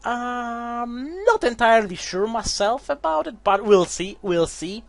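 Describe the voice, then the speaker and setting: Man, casual game commentary, rambling, stumbling restarts, animated pitch, dry close mic. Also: a little slow, gravelly, no echo. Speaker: gameplay commentator.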